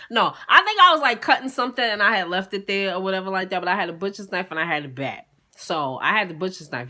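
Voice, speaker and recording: A young woman telling a personal story in a casual, profane, animated way, acting out both sides of a dialogue. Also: fairly low pitch.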